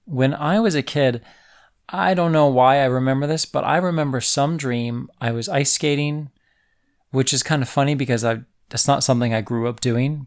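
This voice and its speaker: A man with a smooth, medium-pitched voice hosts a kids' nature and science podcast. In this educational narration for children, he explains facts playfully with jokes and asks the listener questions.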